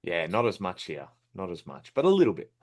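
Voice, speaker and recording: A young Australian man with a fairly low voice chats as a guest on a podcast. He rambles in a friendly, easygoing way, often laughing and searching for words. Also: sing-song, fairly quick. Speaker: guest, film critic. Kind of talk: casual podcast interview.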